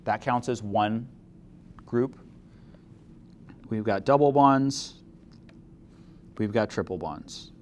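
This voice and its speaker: A man with a lower voice delivers a classroom chemistry lecture. He explains step by step and often stops to quiz his students. A faint background hiss sits under the recording. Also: takes it slowly, pauses often, a little mellow. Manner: asks the class questions, mildly opinionated. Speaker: chemistry instructor.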